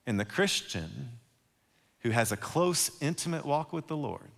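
A man preaching a sermon as pastor, animated and acting out the voices he quotes. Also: mid-range voice, unhurried, creaky. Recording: long hall reverb.

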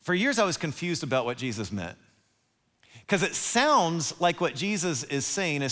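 Guy preaching a sermon, kinda high voice, big echo like a church hall, really animated. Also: normal speed. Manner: animated, acts out quoted voices. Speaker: pastor. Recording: long hall reverb.

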